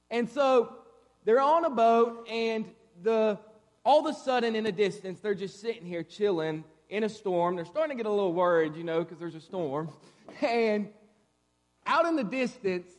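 A man with a fairly high voice gives a sermon from a church pulpit. He preaches in a loose, conversational way and drops in playful asides. The sound carries a long reverb from the hall. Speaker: guest preacher. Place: church sanctuary.

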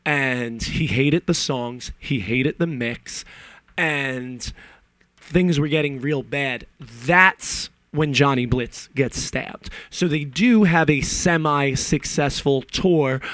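A man's voice: medium pitch, slow, fairly bright tone, dry recording. A man on a podcast ranting about a movie in a casual, profane and opinionated way, wandering off into side stories. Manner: profane, opinionated, digressive storytelling.

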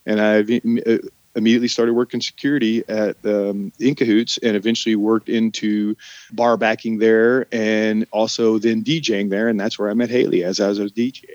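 A man with a lowish, brisk voice recounts stories from his old jobs as a guest on a relaxed podcast, doing lively impressions of the people he quotes. The recording is dry and sounds dull.

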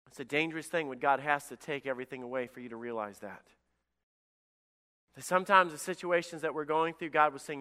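Pastor, male, preaching with a high, clear voice; long church-hall reverb. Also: a little fast. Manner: animated preaching, acting out voices of David and God. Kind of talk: sermon.

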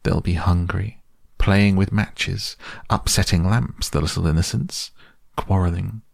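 Man voicing a wailing toad in washerwoman disguise, storybook reading, creaky, dry sound. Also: fairly even intonation, a little slow, no echo, exaggerated voice. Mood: tearful pleading. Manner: wailing, self-pitying, higher put-on voice.

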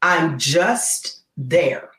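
Animated woman telling a story. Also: low voice, drawn-out words. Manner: animated, keeps checking in with "right?". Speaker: guest, keynote speaker. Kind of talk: animated storytelling in a podcast interview. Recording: roomy echo.

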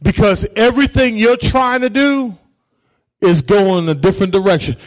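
High-voiced preaching pastor, shouting and hushing. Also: male voice, normal speed. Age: adult, married parent. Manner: calls out to the congregation, swings from shouting to hushed asides. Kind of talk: sermon.

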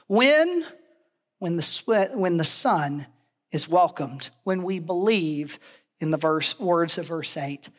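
A woman giving a chapel sermon, telling it expressively, her voice climbing on the key phrases. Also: low voice. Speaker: chapel speaker.

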